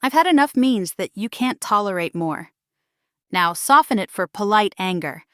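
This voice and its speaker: A woman teaching a scripted English speaking lesson, saying each phrase slowly and then saying it again for the listener to shadow. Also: medium pitch, animated, no echo, studio quality.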